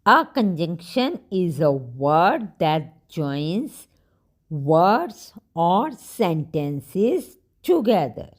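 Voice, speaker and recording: A woman's voice: lowish voice, very animated, very slow. A woman teaching a grammar lesson to young children, patient, repeating each sentence and spelling words out.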